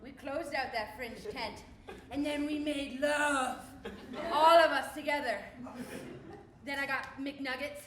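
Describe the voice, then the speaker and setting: A woman's voice: high-pitched, steady tone, slow pace, fairly bright tone. A woman playing a giddy, bragging wife. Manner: bubbly bragging, full of giggles. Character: giddy, show-off wife living it up. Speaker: stage comedy performer. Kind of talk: live comic stage monologue. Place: theatre stage with a live audience. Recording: echoey live stage recording with background noise.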